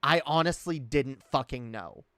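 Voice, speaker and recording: In a casual live-stream chat, a man puts on a British accent, his mid-range, slightly bright voice smooth and studio-clean with no room sound. At a measured pace he rambles candidly, swears often, and reads out and answers the chat.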